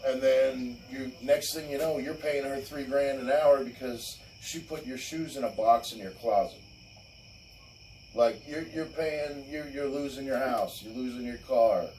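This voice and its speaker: A man hosting a loose late-night chat, ranting bluntly and cursing freely. His voice sits at an ordinary pitch. He is a little far from the mic, with faint crickets behind. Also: unhurried, a little mellow, slight background noise. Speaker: show host. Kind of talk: casual crude podcast chat.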